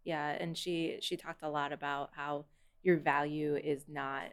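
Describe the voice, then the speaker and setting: Low-voiced chatty young woman guest. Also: level tone, a little slow. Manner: chatty, emphatic, frequent "like" fillers. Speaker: podcast producer, guest. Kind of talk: casual faith-based podcast chat.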